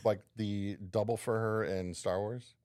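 A man's voice: lowish voice, fairly even intonation, a little slow, a little mellow, no echo, studio quality. A young man co-hosting a podcast in casual chat, teasing and rambling. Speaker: podcast co-host.

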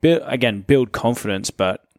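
A male coach in casual conversation, relaxed and encouraging, with lots of fillers. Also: mid-range voice, normal speed, dry recording, studio quality. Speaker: coach, trainer.

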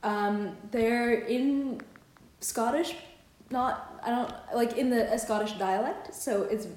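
A woman's voice: on the high side, slow pace, darkish tone, echoey room. A woman co-hosting a podcast, chatting in a rambling way with lots of fillers and laughter, and reading a poem aloud. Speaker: podcast co-host. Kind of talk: casual chat and poetry reading.

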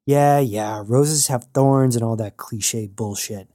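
A man reading an audiobook, voicing a broke, sarcastic woman bounty hunter with a deadpan delivery. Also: medium pitch, slow, dry recording, studio quality, natural voice.

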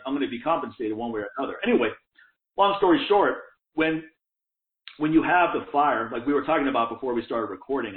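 Fast-talking fired-up man, tinny echo. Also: medium pitch. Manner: fired-up, swears a lot, laughs often. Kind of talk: casual profane chat. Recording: tinny phone-like echoey sound.

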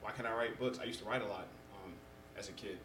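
A young man in casual conversation as a podcast guest, telling stories in an animated way and acting out what people said. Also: fairly low pitch, quick pace, background noise. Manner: animated storyteller who acts out quotes. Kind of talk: casual chat. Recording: roomy echo.

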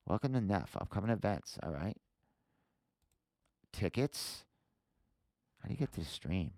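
A man's voice: deep voice, expressive, measured pace, a little mellow, no room sound, clean studio sound. A man hosting a podcast, casually walking viewers through a website while thinking aloud, full of fillers and frequent swearing. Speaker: podcast host. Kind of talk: casual livestream screen walkthrough.

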